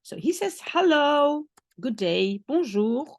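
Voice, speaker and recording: A language teacher with a high, sing-song voice gives a slow, patient one-on-one French lesson. She explains step by step and often checks that she is understood, recorded at studio quality with no room sound.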